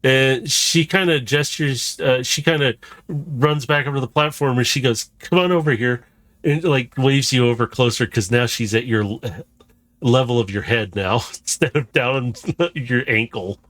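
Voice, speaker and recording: Man, game master, laid-back rambling narration, chuckles, mid pitch, dry sound. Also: normal speed, a bit bright, no room sound.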